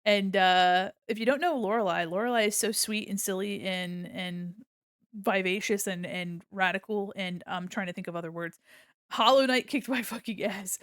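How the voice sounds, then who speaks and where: A woman's voice: medium pitch, a little slow, fairly bright tone, no echo, clean studio sound. A woman streaming as an illustrator, chatting casually while she draws, bubbly and giggly, rambling with many fillers. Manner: bubbly and giggly, with gushing greetings. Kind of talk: casual livestream chat while drawing.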